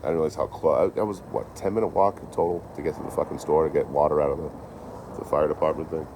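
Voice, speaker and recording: A man's voice: very deep voice, steady tone, fast talker, noisy background. A young man telling rambling, profane travel stories in a casual live chat. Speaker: train-hopping traveler vlogger.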